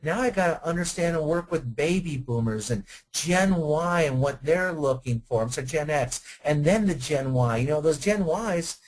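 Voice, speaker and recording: Guy running a sales training webinar, kinda high voice, chatty, lots of rhetorical questions. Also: moderate pace, few pauses, poor audio. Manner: energetic, conversational, asks many rhetorical questions. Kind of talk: webinar presentation.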